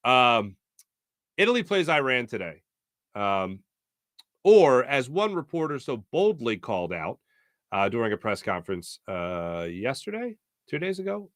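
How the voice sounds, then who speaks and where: A man's voice: mid-range voice, big pitch swings, moderate pace, a bit bright, no echo, studio quality. An American man hosting a sports talk show, rambling and opinionated, with many fillers. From United States. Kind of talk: casual sports talk monologue.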